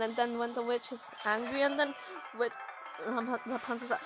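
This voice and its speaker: A woman host casually chatting over gameplay, rambling through a story with lots of fillers and expressive exclaims. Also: fairly high pitch, a little fast, over music, rough recording. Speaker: gaming channel host.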